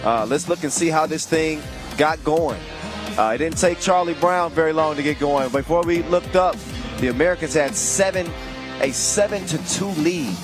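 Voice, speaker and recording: A man calling a basketball game live, shouting with excitement and playful wordplay. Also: on the high side. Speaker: play-by-play commentator. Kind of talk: excitable sports commentary. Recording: loud arena crowd and music behind. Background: crowd and music.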